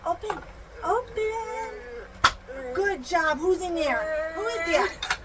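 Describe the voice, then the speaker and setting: A young mother plays with her child at home, her voice very high and her delivery slow and drawn out. She gasps and does animal sounds in a playful singsong. Her phone picks up a steady hiss of background noise. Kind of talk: home video, playful teaching. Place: home room. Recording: noisy home phone recording.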